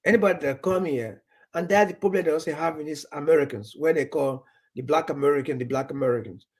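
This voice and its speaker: This Nigerian man chats casually in a loose, rambling way, speaking fast in a slightly high, husky voice. He restarts and repeats words, acting out little conversations along the way.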